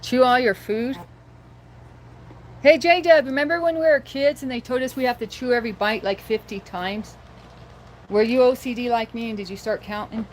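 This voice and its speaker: A woman's voice: on the high side, moderate pace, a little hiss or hum. A woman hosting a casual livestream, chatting and rambling to viewers and laughing often, recorded on a handheld phone. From rural area near Boise, Idaho. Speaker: livestream host.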